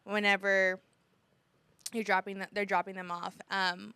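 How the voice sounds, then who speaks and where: A woman's voice: mid-range voice, flat delivery, a little slow, bright, forceful tone, clean tone, no echo. A woman hosting a podcast, chatty and emotional, with lots of fillers. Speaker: podcast host. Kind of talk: casual podcast chat.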